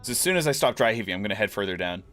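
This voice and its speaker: A man talks through a video game in a relaxed, wandering way, thinking aloud as he goes. His voice sits on the low side. Soft game music plays faintly underneath. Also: very fast. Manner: musing aloud, relaxed, rambling. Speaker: gaming streamer. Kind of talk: casual gameplay commentary.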